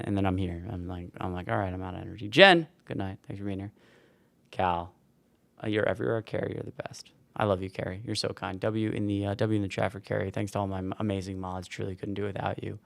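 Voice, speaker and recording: Tired, gravelly man in his forties. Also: lowish voice, dry recording. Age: 40s. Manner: rambling, thanking viewers by name. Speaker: streamer. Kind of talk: casual livestream sign-off.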